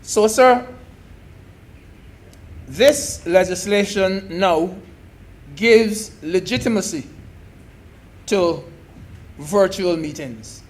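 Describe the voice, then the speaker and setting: High-voiced, slow senator. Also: male voice, expressive. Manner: emphatic, repeats key phrases, addresses the chair as sir. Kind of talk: parliamentary debate speech.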